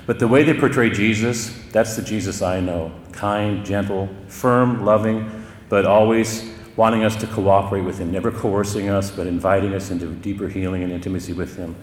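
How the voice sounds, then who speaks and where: Deep-voiced priest preaching in echoey church. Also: male voice, fairly even intonation, moderate pace. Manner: conversational storytelling with chuckles. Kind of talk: sermon. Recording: roomy church echo with long reverb.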